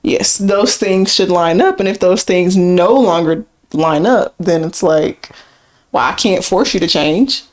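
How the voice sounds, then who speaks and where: A woman's voice: fairly low pitch, unhurried. A woman co-hosting a podcast, talking through points in a casual, explaining way with frequent fillers. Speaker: podcast co-host. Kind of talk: casual conversational podcast chat.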